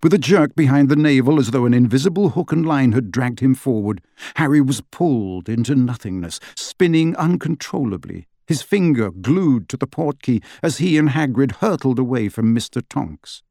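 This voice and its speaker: A man reading an audiobook with steady storytelling narration. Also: mid-range voice, moderate pace, dry recording, clean studio sound. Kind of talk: scripted narration.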